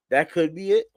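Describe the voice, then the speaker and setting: A man's voice: high voice, creaky, no echo, clean studio sound. A man from Connecticut hosting a casual sports chat show, laid-back and repeating himself, laughing often. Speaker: podcast host. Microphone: studio mic on a livestream.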